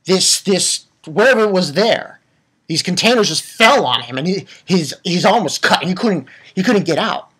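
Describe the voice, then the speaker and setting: A man giving an excitable, profane casual recap of an anime episode, with lots of restarts. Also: sits high, moderate pace, breathy edge. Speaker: anime reviewer.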